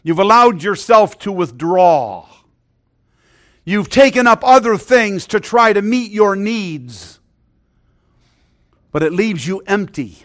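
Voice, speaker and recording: High-voiced middle-aged male preacher. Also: lively intonation, slow, long pauses. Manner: earnest, drops to a hushed voice for stories. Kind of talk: sermon.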